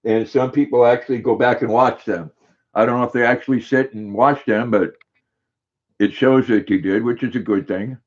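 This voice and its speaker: A man's voice: mid-range voice, fairly even intonation, normal speed, muffled recording. An older man hosting a casual livestream, reading viewers' comments aloud and greeting each of them by name in an easygoing way. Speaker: livestream host.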